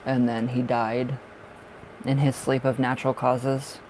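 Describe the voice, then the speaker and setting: A man with a raspy smoker's voice doing tarot readings on a livestream, chatting in a rambling way and laughing often. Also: mid-range voice, level tone, unhurried, darkish tone, slight background noise, low-quality recording. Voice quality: raspy from smoking. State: short of breath at times. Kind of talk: casual livestream chat.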